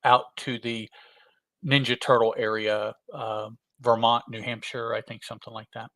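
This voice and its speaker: A man co-hosting a podcast, rambling and hesitant, with a bright, forceful tone. The sound is dry and close to the mic. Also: mid-range voice, level tone, normal speed, no room sound. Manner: rambling, hesitant, many fillers and restarts. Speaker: podcast co-host. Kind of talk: casual podcast chat.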